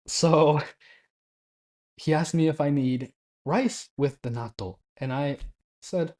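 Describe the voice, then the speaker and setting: A man's voice: on the high side, takes it slowly, long pauses, a little mellow. A man in his twenties casually telling a travel story, chatty and laughing often, acting out bits of quoted Japanese. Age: 20s. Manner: acts out quoted Japanese phrases.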